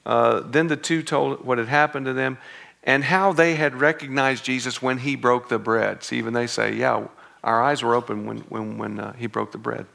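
A man's voice: medium pitch, steady tone, moderate pace, gravelly, pushed and bright. A man teaching through a Bible passage in an informal, conversational way, breaking off for joking asides and correcting himself as he goes.

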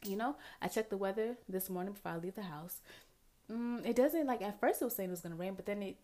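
A young woman vlogger telling a casual storytime to her viewers, animated and chatty, talking to them directly and acting out her own thoughts. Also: mid-range voice, fast. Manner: dramatic asides and quoted self-talk. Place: indoors at home, near a window with rain outside.

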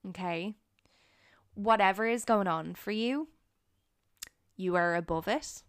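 A young woman hosting a solo podcast, talking in an earnest, encouraging way with frequent pauses. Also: medium pitch, clear, resonant tone, dry recording, clean studio sound. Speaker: podcast host. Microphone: studio microphone.

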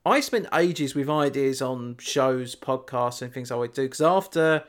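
A man hosting a podcast in casual chat. He tells stories in a lively way and swears casually. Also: mid-range voice, a little slow. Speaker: podcast host.

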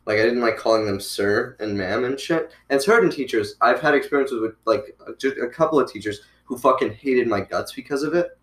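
A man's voice: medium pitch, a little fast, hardly any pauses. A young man in casual chat, reflective and rambling, swearing casually. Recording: roomy echo.

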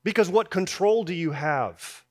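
A pastor preaches to his congregation in a relaxed, conversational way. His voice sits a little high for a man, and he lets it fall quiet on the lines he wants to land. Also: measured pace. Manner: conversational preaching, drops soft on key lines, rises when voicing doubts. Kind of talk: sermon.

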